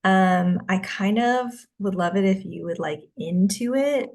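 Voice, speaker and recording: A woman's voice: medium pitch, slow, a little mellow. A woman guest in a casual chat who rambles, packing her talk with filler words and restarts.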